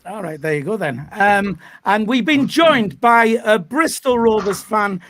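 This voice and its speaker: A man hosting a live football fan stream, upbeat and chatty, often pausing mid-sentence. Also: high voice, lively intonation, a bit bright, a little hiss or hum. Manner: upbeat, chatty presenting with frequent hesitations. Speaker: host.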